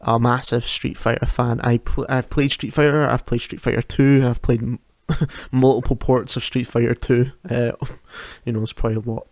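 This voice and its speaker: A man's voice: mid-range voice, level tone, normal speed, few pauses, a little mellow, no echo. A man hosting a solo podcast from home, chatting casually, often laughing and restarting his sentences. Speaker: podcast host. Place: home at night.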